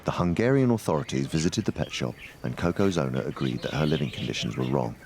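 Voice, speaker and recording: A man narrating a documentary in a calm, measured, scripted way. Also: rumbling low, vocal fry, noisy background. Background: music.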